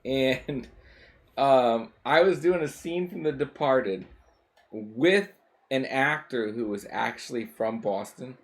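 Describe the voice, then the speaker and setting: A man's voice: mid-range voice, slow. A man streaming a game, chatting casually and rambling, with lots of swearing, fillers and restarts. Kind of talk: casual chat while gaming.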